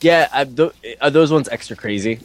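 A man's voice: medium pitch, moderate pace. A man chatting casually about video games, rambling with many fillers and playful mock quotes. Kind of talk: casual gaming chat.

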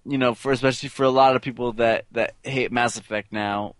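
A man's voice: medium pitch, fairly even intonation, a little fast, dry recording. A man in casual gaming chat who teases and jokes and asks his partner questions. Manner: joking, teasing, asks questions.

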